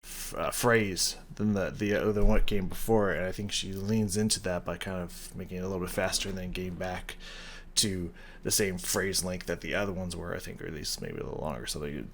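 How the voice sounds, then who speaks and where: His voice sits low and a bit bright, and he talks fairly quickly, with slight background noise behind him. As a music reaction channel host, he casually reacts to and breaks down a song, rambling enthusiastically, humming bits of melody and swearing casually.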